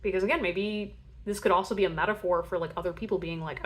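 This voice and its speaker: A woman's voice: on the low side, steady tone, fast talker. Young woman, casual tarot reader, rambling chatty delivery with playful acted-out voices. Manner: chatty, rambling, full of fillers; acts out playful voices for imagined people.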